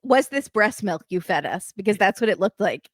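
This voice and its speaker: A woman's voice: medium pitch, lively intonation, normal speed, no echo, studio quality. A woman hosting a casual podcast who recaps a reality show, acting out the cast's lines and laughing often. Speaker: podcast host.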